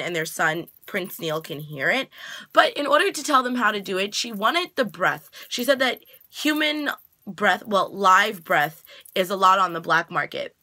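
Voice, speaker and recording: A woman's voice: medium pitch, bright, forceful tone. A woman vlogger recapping a TV episode in a chatty, casual way with slangy asides.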